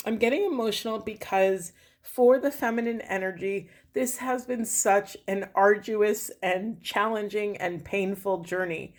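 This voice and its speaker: A woman's voice: medium pitch, measured pace. A young adult woman giving a spiritual card reading, earnest and emotional, addressing spirit as she talks. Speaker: tarot reader.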